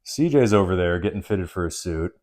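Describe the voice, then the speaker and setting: A man in his thirties co-hosting a podcast, casual and animated, swearing freely. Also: deep voice, brisk. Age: 30s. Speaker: podcast co-host.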